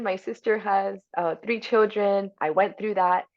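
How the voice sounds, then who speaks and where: A woman's voice: medium pitch, fairly even intonation, unhurried, hardly any pauses. A woman speaking as a podcast guest, candidly and reflectively, often tagging her thoughts with "you know" and "right?". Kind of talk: candid conversational storytelling. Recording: dull lo-fi sound.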